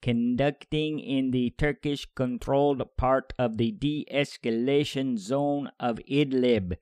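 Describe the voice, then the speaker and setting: A man putting on a mock Russian accent to voice a stiff male ministry spokesman, reading a statement in a slow, stilted way. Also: medium pitch, darkish tone, clear, resonant tone, dry recording, studio quality, close to an everyday voice. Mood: stiff, formal. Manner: slow, stilted official delivery.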